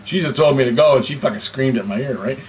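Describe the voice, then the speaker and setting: A man telling a personal story in a casual monologue, animated and profane, chuckling between lines. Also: mid-range voice, fast, background noise. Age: adult.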